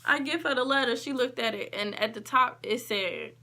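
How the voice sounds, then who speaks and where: A woman vlogger telling a story in a casual, emphatic way, acting out what people said and shifting between quick and drawn-out phrases. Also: a little high. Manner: emphatic, animated retelling with quoted dialogue.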